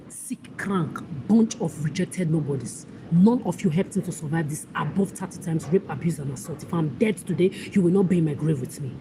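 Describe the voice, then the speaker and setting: Woman vlogger, ranting, contemptuous, fairly low voice, steady background noise. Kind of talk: angry monologue to camera.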